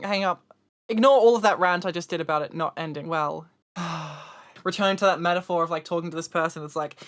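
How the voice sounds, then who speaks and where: Gushing woman reacting to music. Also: lowish voice. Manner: gushing, swears often, says "dude" and "like" a lot. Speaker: music reviewer reacting to an album. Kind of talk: emotional first-listen reaction video. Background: loud metalcore music playing.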